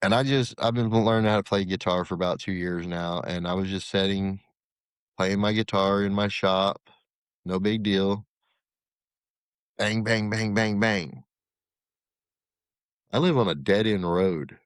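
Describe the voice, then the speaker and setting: Man telling an animated story. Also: sits low, moderate pace, clean tone, dry recording, studio quality. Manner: animated, acts out quoted dialogue. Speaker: podcast guest, former corrections captain. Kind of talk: storytelling in conversation.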